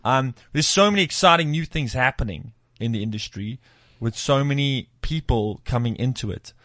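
A man's voice: mid-range voice, lively intonation, moderate pace, a bit bright, dry recording. A man hosting a comedy podcast, joking and bantering with his co-hosts in a studio. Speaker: podcast host. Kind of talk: casual chat.

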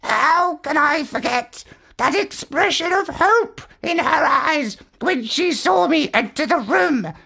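A woman voicing a lovesick male parrot who has lost his voice to a cold; his lines come out high, strained and raspy. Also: lively intonation, slow pace, bright, forceful tone, full character voice. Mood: lovelorn, anguished.

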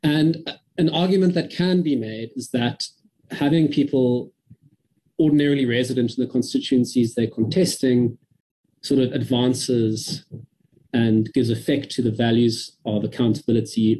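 A man from South Africa giving a measured, careful briefing to a parliamentary committee over a video call. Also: mid-range voice, mellow, a little hiss or hum, rough recording. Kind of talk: formal briefing.

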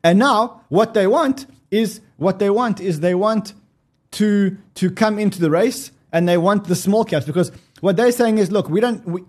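A man's voice: high-pitched, a little slow. A man hosting a casual market show, talking animatedly, laughing often, swearing and repeating words as he goes. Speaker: host.

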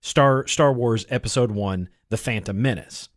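A man's voice: medium pitch, measured pace. A man co-hosting a casual chat about films, rambling with lots of fillers and restarts.

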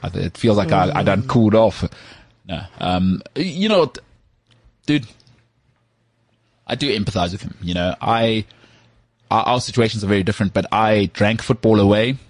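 A man with a low, slightly husky voice chats about football as a podcast co-host. He is animated and quick to joke. The recording is dry and close-miked. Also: no echo. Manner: animated, jokey, does quick impressions of others. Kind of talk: casual sports chat.

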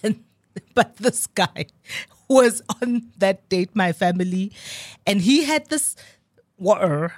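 A woman's voice: mid-range voice, expressive, takes it slowly, long pauses, darkish tone, no room sound, clean studio sound. A woman co-hosting a radio show, telling stories playfully with laughs. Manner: playful, giggly storytelling. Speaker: radio co-host. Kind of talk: casual radio chat.

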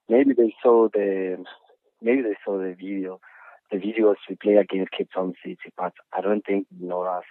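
A football striker speaking confidently as a guest over the phone. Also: male voice, on the low side, no echo. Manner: confident, plain-spoken. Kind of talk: phone interview. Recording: tinny dry phone line.

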